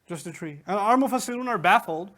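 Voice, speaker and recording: A male teacher with a fairly high voice gives an animated lecture on Quran commentary. He keeps asking his listeners rhetorical questions and answering them himself. He retells stories with humor and quoted voices. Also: fast.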